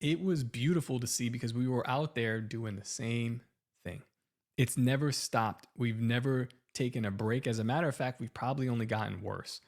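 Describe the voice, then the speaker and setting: A man co-hosting a podcast in casual chat, his talk building into a loud heated rant. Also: medium pitch, moderate pace. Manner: heated, rising into loud ranting. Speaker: podcast co-host.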